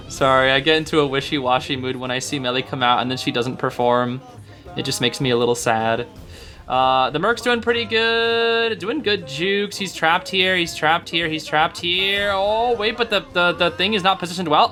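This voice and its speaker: A young man giving casual, excitable commentary on a video game, groaning in sympathy and using lots of slang. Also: a little high, normal speed, faint music behind. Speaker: gaming streamer.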